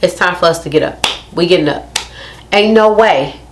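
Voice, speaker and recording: Woman, low voice, casual storytime vlog, emphatic, repeats herself. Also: normal speed. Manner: emphatic, repeats phrases, addresses viewers directly. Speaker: vlogger.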